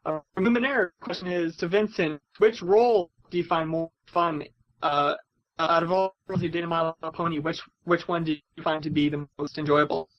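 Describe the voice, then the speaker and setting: A high-voiced man co-hosting an online chat show and reading listener questions with plenty of pauses and fillers. His audio comes through dull and lo-fi. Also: steady tone. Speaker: co-host reading viewer questions. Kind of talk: casual chat. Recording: dull lo-fi mic.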